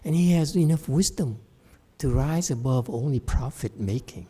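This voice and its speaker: Animated and husky, with a dark tone and medium pitch, a middle-aged man delivers a dharma lecture at normal speed in a temple hall. As a Buddhist teacher, he keeps it chatty, slipping into side remarks and laughing often.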